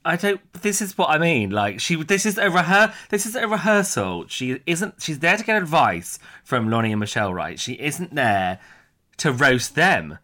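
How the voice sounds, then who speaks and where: A man in casual chat as a podcast co-host, animated and indignant, swearing freely. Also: on the high side, moderate pace.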